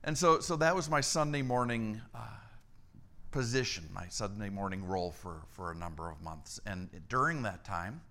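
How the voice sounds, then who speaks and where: A middle-aged man preaching a storytelling sermon, acting out the dialogue in his tale with lively energy. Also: on the low side, moderate pace. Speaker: church staff member preaching.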